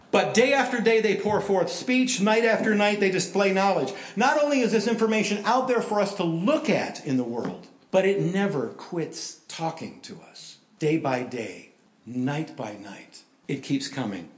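Animated preaching man, roomy echo. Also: a little high. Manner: animated, conversational preaching with emphatic rises. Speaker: pastor. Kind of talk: sermon.

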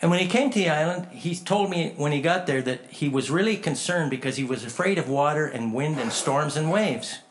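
A man preaching a sermon in a folksy, animated storytelling way, acting out conversations as he tells them. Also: fairly high pitch, fairly quick, hardly any pauses, slight background noise. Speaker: pastor.

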